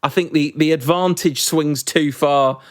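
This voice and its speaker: A man's voice: a little high, steady tone, no room sound, clean studio sound. A man co-hosting a podcast, rambling and joking in casual chat with a laugh never far off. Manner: rambling, self-deprecating, quick to laugh. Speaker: podcast co-host.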